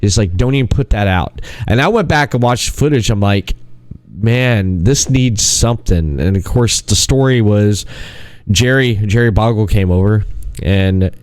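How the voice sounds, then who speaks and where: A man's voice: on the low side, a little slow, darkish tone, no room sound. A man hosting a podcast in casual chat, rambling through stories and acting out the quotes, laughing often. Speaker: podcast host.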